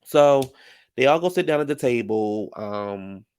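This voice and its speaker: A man's voice: medium pitch, animated, unhurried, darkish tone, clear, resonant tone. A man giving casual, sassy reality-TV recap commentary, full of slang like "child" and "honey.".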